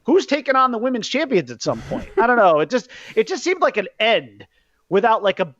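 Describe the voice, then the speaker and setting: A man hosting a podcast, ranting in a casual, profane way about a wrestling event, jumping between loud outbursts and low muttering. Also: sing-song, a little fast, no echo. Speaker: podcast host. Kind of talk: casual wrestling recap rant. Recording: dull lo-fi podcast mic.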